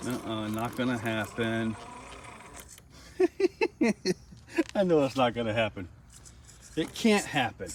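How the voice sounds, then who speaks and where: A middle-aged man casually commenting while driving an RC crawler outdoors, chatty and easily excited, laughing often. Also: mid-range voice, normal speed. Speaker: RC hobby reviewer. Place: outdoors on a rock trail. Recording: distant mic, faint outdoor noise.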